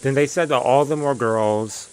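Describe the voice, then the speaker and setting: A male streamer chats casually and playfully with his viewers. He laughs often and stumbles over his words. His voice sits in an ordinary middle pitch. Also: normal speed, clear, resonant tone. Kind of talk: casual live-stream chat.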